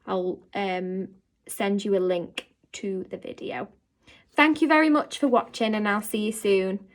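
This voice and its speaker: A woman teacher reading a children's novel aloud to her pupils in an expressive storytelling manner. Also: mid-range voice, a little slow.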